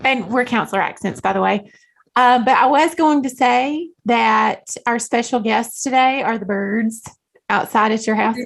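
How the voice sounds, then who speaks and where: A Southern US woman with a slightly high voice, co-hosting a casual podcast. She keeps up friendly back-and-forth with her partner and teases her easily. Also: normal speed, vocal fry. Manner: friendly, teasing banter. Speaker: podcast co-host, school counselor. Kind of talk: casual chat.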